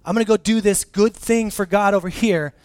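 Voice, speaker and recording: A man preaching a conversational sermon as a pastor, casual and animated, often restarting phrases and dropping in filler words. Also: sits high, a little fast.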